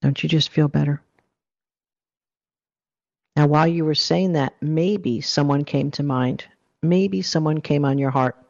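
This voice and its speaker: A man's voice: fairly high pitch, measured pace, creaky, pauses often, darkish tone. A man giving a motivational self-help talk, coaching the listener earnestly through a guided exercise. The recording sounds dull and lo-fi.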